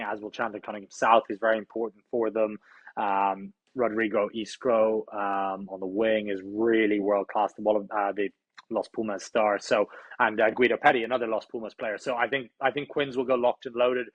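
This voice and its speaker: A man's voice: on the low side, flat delivery, moderate pace, a bit bright, no echo, highs cut off. Irish man giving rugby predictions. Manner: opinionated, hedging with "I think". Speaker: podcast co-host. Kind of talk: casual sports chat.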